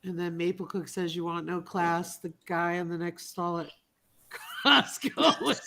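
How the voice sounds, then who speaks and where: A woman's voice: on the low side, huge pitch swings, takes it slowly, heavy background noise. A woman hosting a casual livestream, chatting and greeting viewers by name. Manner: chatty, reads out viewer comments. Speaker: livestream host.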